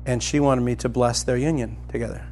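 Recounting a personal story in his sermon, this middle-aged pastor rises to loud, excited emphasis. His voice is medium in pitch and his delivery brisk, with a little hiss or hum on the recording.

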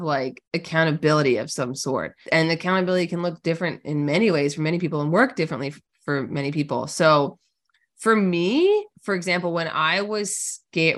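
A woman coach with a lowish voice talks through a podcast interview. She is upbeat and casual, full of "like" and "just do it". Her delivery is animated and chatty. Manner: energetic, casual, lots of "like", animated storytelling.

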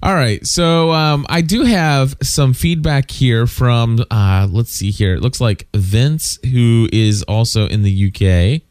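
A man's voice: medium pitch, slow, hardly any pauses, a little mellow, no echo, clean studio sound. A man co-hosting a casual podcast, reading listener feedback aloud with many fillers and side comments. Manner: reads listener mail aloud with frequent fillers and asides.

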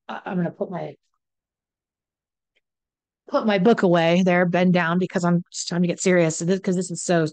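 A woman speaks as a coach on addiction and codependency, blunt and impassioned, slipping into quoted lines from arguments as she goes. Her voice sits fairly low. The sound is close and dry, with no room around it. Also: a little mellow, dry recording. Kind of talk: direct-to-camera advice talk.

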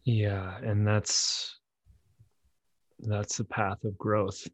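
A man hosting a podcast conversation, talking haltingly with many repeats and fillers. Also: lowish voice, flat delivery, no room sound. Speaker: podcast host. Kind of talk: conversational interview.

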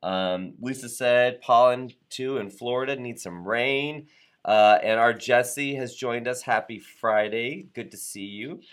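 A man's voice: mid-range voice, unhurried. A man hosting a live show, reading viewer comments in an upbeat, playful way and sometimes tripping over words. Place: Atlanta area.

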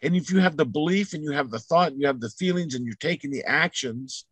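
A man's voice: a little high, quick pace, few pauses, husky, no room sound. Blunt, emphatic man giving a motivational talk. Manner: emphatic and repetitive, builds to loud peaks; salty, blunt language. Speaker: motivational speaker.

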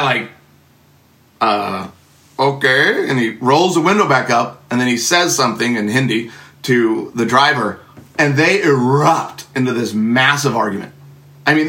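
A man telling a personal testimony, animated and acting out the voices of the people in his story. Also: medium pitch. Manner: animated, acts out voices in quotes, laughs often.

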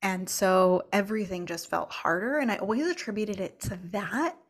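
A woman talking openly and reflectively in a relaxed podcast conversation. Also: medium pitch, normal speed. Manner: open, reflective storytelling. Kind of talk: casual conversation.

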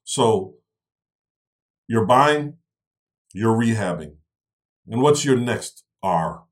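His fairly low voice is animated yet extremely slow as he co-hosts a relaxed discussion. Breaking real estate investing down step by step, he punctuates points with "right?" and "okay?".

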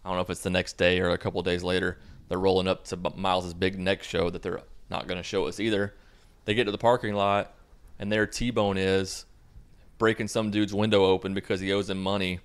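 A man's voice: sits low, flat delivery, brisk, clean tone. A young man casually recapping a movie in a sarcastic, mocking way. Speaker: movie reviewer.

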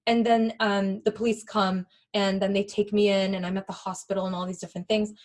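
A woman's voice: mid-range voice, flat delivery, darkish tone. Earnest woman telling a personal story. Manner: halting and earnest, with many fillers and restarts.

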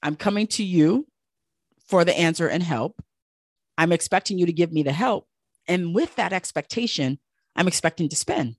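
A woman's voice: lowish voice, lively intonation, normal speed, no echo, clean studio sound. A woman coaching as an esthetician and business host, talking casually and with emphasis, repeating key points. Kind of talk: casual podcast monologue.

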